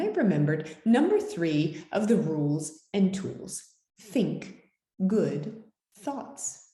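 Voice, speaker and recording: A woman's voice: on the low side, sing-song, slow pace, warm tone, reverberant. A woman reading a children's picture book aloud as storyteller, with dramatic, swooping delivery.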